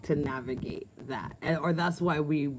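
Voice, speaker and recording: Chatty woman livestream host, low voice, laughs easily, outdoors at home on a phone stream. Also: normal speed, background noise. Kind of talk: casual live chat, reading viewer comments.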